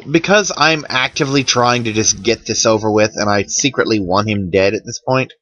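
A man's voice: fairly low pitch, fairly bright tone, rough recording. A man giving casual, wry commentary over a game he is playing, sounding worn out. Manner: chatty, wry, tired and yawning. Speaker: let's play commentator.

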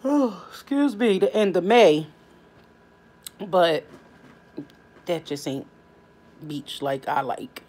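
The family channel host is worn out and yawning, drawling casually from home with plenty of fillers. Her fairly low, darkish, breathy voice swings widely in pitch, and she goes slowly with long pauses.

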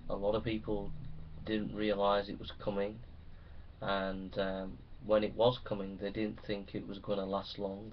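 Man preaching, low voice, builds to loud shouting, dull lo-fi recording with faint hiss. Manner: rises to loud impassioned shouting. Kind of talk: sermon.

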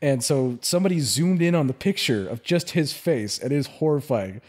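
A man's voice: mid-range voice, animated, moderate pace, a little mellow, slightly rough. Chatty laughing man on a podcast. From California. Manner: chatty, laughs often, rambling storyteller. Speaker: podcast co-host. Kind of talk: casual chat.

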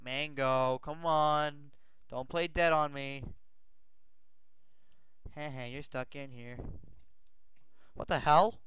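A male gaming host giving rambling gameplay commentary, often yelling and swearing in panic. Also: on the high side, takes it slowly, long pauses, clear, resonant tone, no room sound. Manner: rambling, excitable, yells and swears when panicked. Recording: dull lo-fi mic.

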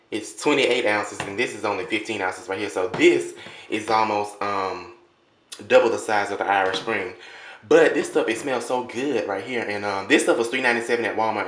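Quick, bright-voiced young man. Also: on the low side, a little hiss or hum. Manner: rambling, many ums and restarts. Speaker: vlogger. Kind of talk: casual chat to camera. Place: at home, in his kitchen. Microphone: handheld phone or camera at arm's length.

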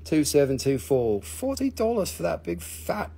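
Selling crystals on a relaxed live stream, this host speaks with a mix of Australian and Northern English accents, rambling excitedly and cursing without restraint. His fairly high voice is creaky and husky, moving at a moderate pace.

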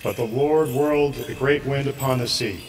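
A man's voice: mid-range voice, over a noisy crowd. Man reading scripture in church. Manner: steady measured reading with occasional slips. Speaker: scripture reader. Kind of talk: liturgical reading.

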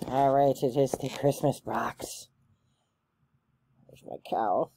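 A woman chatting casually through a gift box unboxing, gushing and excitable, with plenty of ums and likes. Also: extremely low pitch, slow, vocal fry, pauses often, heavy background noise. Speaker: unboxing vlogger.

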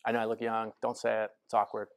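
A man's voice: fairly low pitch, monotone, fast talker. A man in his forties giving a casual, self-deprecating storytelling talk to a lecture audience, with lots of fillers. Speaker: guest speaker. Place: lecture hall.

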